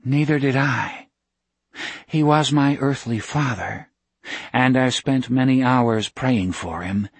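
A man gives voice to a quiet woman missionary doctor in an audiobook, speaking softly with each syllable carefully weighed. The delivery is very slow and a little husky, in a dry, close sound. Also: medium pitch, no echo. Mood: gentle.

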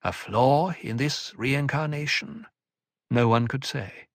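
A man reading an audiobook with scripted narration, in an even, deliberate way. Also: mid-range voice, no room sound, clean studio sound.

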